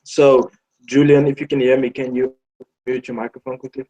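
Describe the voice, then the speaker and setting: A man's voice: medium pitch, level tone, normal speed, warm tone. A man moderating a group call, speaking hesitantly with many ums and restarts. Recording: dull lo-fi call line with faint noise.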